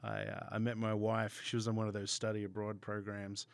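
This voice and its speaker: A man's voice: fairly low pitch, completely flat delivery, a little fast, creaky, dry recording. A man with an Australian accent, chatting as an upbeat, jokey guest telling stories. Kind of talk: casual interview chat.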